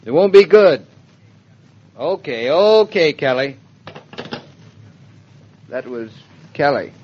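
A breezy young husband from an old radio play, tossing out puns and then dropping to a hushed, secretive murmur. His voice sits a touch high for a man. The sound is dull and lo-fi, like a worn transcription disc. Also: expressive, slight background noise. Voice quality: quick, punning, playful delivery with hushed asides. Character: teasing young husband planning a secret surprise. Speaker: radio drama actor. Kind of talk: 1940s radio acting.

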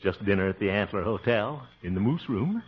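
A man's voice: on the low side, animated, fairly quick, heavy background noise, close to an everyday voice. An actor in an old radio drama playing a bashful, eager small-town man who stammers and giggles. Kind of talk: 1940s radio drama acting. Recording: dull old radio recording.

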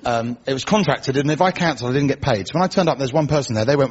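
A man performing a stand-up comedy set, telling dry one-liners in a deadpan way and acting out other people's lines. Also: medium pitch, racing, few pauses, husky. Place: comedy club stage before a laughing audience. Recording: dull live recording with audience noise. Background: audience laughter.

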